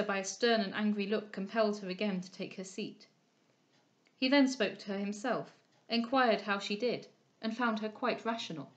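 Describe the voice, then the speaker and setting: A woman narrates a classic novel in a measured, expressive way. Her voice sits fairly high. The recording sounds dull and lo-fi. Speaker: audiobook reader. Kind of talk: reading a classic novel aloud.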